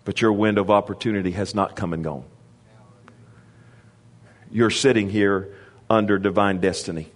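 A man's voice: steady tone, normal speed, long pauses. A man preaching a sermon, calling for responses from the congregation and raising his voice for emphasis, with casual asides in between. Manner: call-and-response preaching, rises in pitch for emphasis; conversational asides and restarts.

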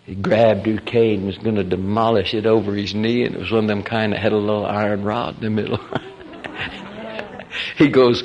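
A man preaching in a folksy, animated storytelling style, acting out the quotes of the people in his stories. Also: on the low side, brisk. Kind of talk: storytelling sermon.

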